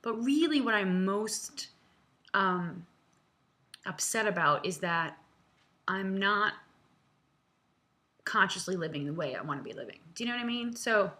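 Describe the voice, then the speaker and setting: A woman's voice: mid-range voice, expressive, measured pace, long pauses, sharp tone. A woman in her thirties talking from home in a vlog, answering viewers in a chatty, earnest way with many fillers and laughs, close to tears. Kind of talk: casual, heartfelt direct-to-camera talk.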